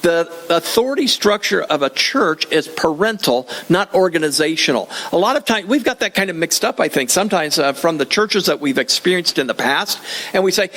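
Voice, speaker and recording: A man's voice: on the high side, animated, brisk, fairly bright tone. An older man preaching a sermon in a church, conversational and joking, often repeating his phrases. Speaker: pastor.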